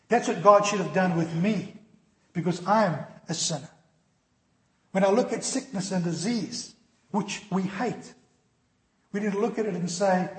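A man with a high voice preaches to his congregation, earnest and direct. He slips into quoted voices to make his points. The sound rings with the echo of a large hall. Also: normal speed, pauses often. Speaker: pastor. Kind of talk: sermon.

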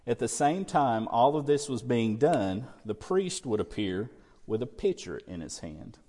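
A man's voice: mid-range voice, sing-song, unhurried, warm tone. Preaching man in a reverberant hall. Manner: expository preaching with rhetorical questions. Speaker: pastor. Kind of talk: sermon.

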